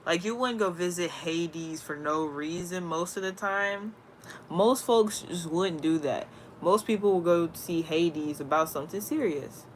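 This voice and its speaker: A woman's voice: lowish voice, measured pace, slight background noise. Slangy, rambling woman talking spirituality. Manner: slangy, rambling, animated storyteller. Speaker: spiritual content creator. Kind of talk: casual spiritual talk.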